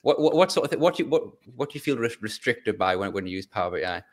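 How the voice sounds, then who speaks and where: A man's voice: fairly low pitch, very animated. A man hosting a casual podcast interview, often repeating words as he talks. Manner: quick, stammers with repeated words. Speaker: podcast host.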